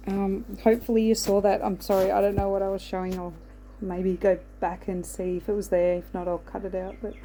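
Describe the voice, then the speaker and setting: A woman's voice: medium pitch, flat delivery, brisk, mellow, slight background noise, rough recording. A woman giving a casual spiritual card reading, rambling and reassuring, often checking in with "okay". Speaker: oracle card reader.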